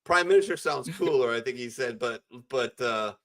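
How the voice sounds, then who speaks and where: A man's voice: mid-range voice, expressive, normal speed, fairly bright tone. A man hosting a casual online chat among veterans, blunt and profane, rambling through his opinions over a video call. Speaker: podcast host. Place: home, virtual call.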